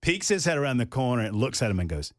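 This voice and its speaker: A man hosting a talk radio show, chatting casually with a guest and telling stories in an animated way. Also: quick pace, heavy background noise. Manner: animated storyteller, lively pitch. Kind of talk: casual interview chat.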